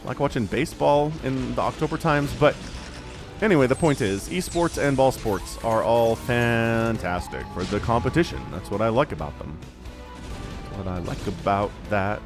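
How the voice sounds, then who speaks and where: A man's voice: mid-range voice, moderate pace, over music. Chatty man casting a strategy game. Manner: chatty, rambling asides, easily excited. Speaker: esports caster. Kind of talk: solo game commentary.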